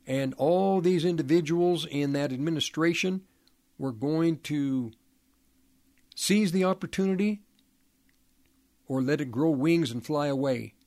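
A man preaching in a slow, deliberate delivery, his voice sitting a little higher than most men's. He halts often, repeats and restarts words, and drives his points home with emphatic rhetorical questions. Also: a little mellow.

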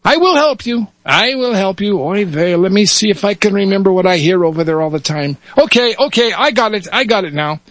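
A man's voice: high-pitched, animated, fairly quick, few pauses, fairly bright tone, no room sound, voice pushed up. A man voicing an eager, fussy little rabbi in a told joke. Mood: coaxing.

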